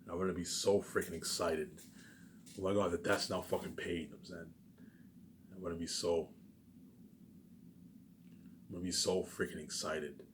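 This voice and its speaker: Deep-voiced Canadian man rambling. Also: fairly even intonation, normal speed, pauses often, a little hiss or hum. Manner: repetitive, profane, emphatic, keeps saying "obviously". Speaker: vlogger. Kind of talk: rambling solo monologue.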